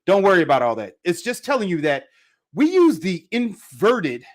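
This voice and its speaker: Lively man teaching a live language lesson. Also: high-pitched, normal speed. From Jamaica. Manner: upbeat, talks to chat viewers, repeats "all right". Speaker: Spanish teacher.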